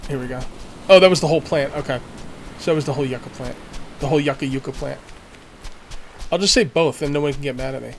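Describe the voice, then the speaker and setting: A man's voice: medium pitch, very fast, slight background noise. A man casually commenting while playing a survival game, thinking aloud and making jokey asides. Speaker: let's play gamer.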